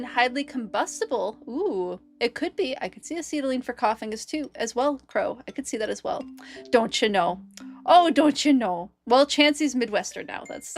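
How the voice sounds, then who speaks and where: A woman streaming a video game, chatting casually and nerdily with her viewers and laughing often. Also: high-pitched. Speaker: streamer and biologist. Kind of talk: casual game livestream chat.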